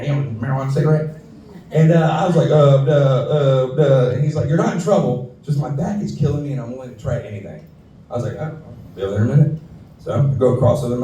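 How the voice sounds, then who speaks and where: A man's voice: fairly high pitch, dark tone. A man, telling profane stand-up stories on a saloon stage and acting out the people in them. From Houston, Texas. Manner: profane storytelling with voiced quotes. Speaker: stand-up comedian. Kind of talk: stand-up set. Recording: echoey room from far off.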